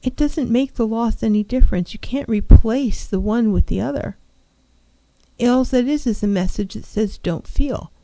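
Middle-aged woman counselor hosting a talk show; earnest advice, mellow tone, dry close sound. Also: on the high side, moderate pace, dry recording. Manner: earnest, advising, acts out clients' voices.

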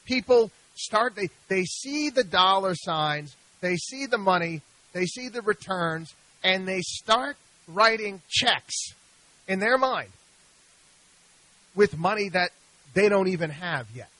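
A middle-aged man hosts a radio talk show from a studio, his voice high and bright as he argues in an exasperated, animated way. He keeps stumbling, repeating himself and restarting his sentences. The sound is close and dry, with no room in it. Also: slow pace, no room sound, low-quality recording. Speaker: radio show host, investment advisor.

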